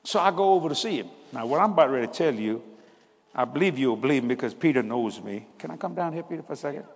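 A man's voice: mid-range voice, lively intonation, fast talker, breathy edge, in a large hall. A man in his seventies preaching a sermon, telling family stories in a folksy, conversational way and laughing at his own tales. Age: 70s. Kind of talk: storytelling sermon.

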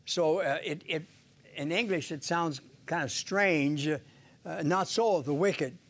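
An older man, a Bible teacher, gives an informal sermon on scripture in a voice on the high side. He speaks haltingly, with lots of "uh"s, restarts and small chuckles.

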